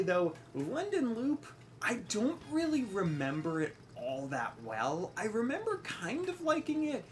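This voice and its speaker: Young woman, gaming commentator, low voice, very animated pitch, faint game music behind. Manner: chatty, rambling, self-mocking, yelps at the game. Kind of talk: casual let's-play commentary.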